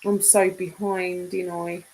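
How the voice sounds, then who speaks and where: A woman's voice: fairly low pitch, little pitch movement, slow pace, a little mellow, poor audio. A woman, casually chatting on a live stream and reading out the chat. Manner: chatty, reads and answers chat.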